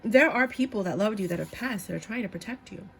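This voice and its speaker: A woman's voice: mid-range voice, quick pace, creaky, a little hiss or hum. A young adult woman giving a tarot reading, speaking bluntly and animatedly. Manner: animated, blunt, slips into voices of others. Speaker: tarot reader.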